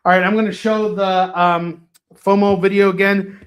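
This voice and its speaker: A man hosting a live shopping stream, chatting casually with viewers by name and pitching items between self-mocking jokes. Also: level tone, normal speed.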